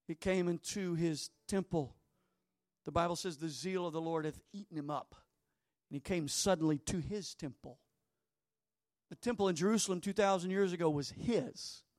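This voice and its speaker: Male pastor, sermon, fairly high voice, slow and deliberate, dramatic, dry sound. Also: no echo. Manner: dramatic, hushed to emphatic.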